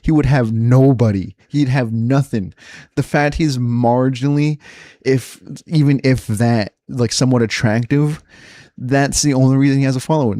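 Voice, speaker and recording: A streamer rambling fast and profanely in casual chat. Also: male voice, mid-range voice, warm tone, dry recording, clean studio sound.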